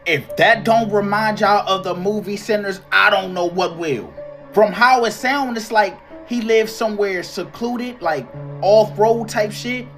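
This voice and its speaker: A woman's voice: mid-range voice, a little slow, faint music behind. Slangy woman reacting to a creepy video. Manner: animated, slangy, addresses viewers as y'all.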